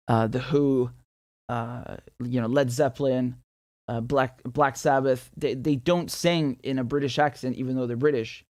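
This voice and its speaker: A man's voice: mid-range voice, a little mellow, dry recording, clean studio sound. A man from Syria hosting a casual livestream of political commentary, chatty, with frequent laughs and lots of fillers and restarts.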